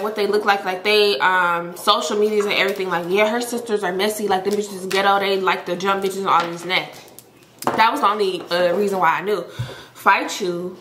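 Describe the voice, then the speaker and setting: A young woman telling a story to her viewers in a chatty, animated way, full of filler words. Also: mid-range voice, a little hiss or hum. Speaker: storytime vlogger. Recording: echoey room.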